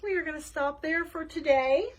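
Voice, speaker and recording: A woman's voice: high-pitched, normal speed, slight background noise, rough recording. A woman librarian reading a children's book aloud and chatting with young listeners, friendly with casual fillers.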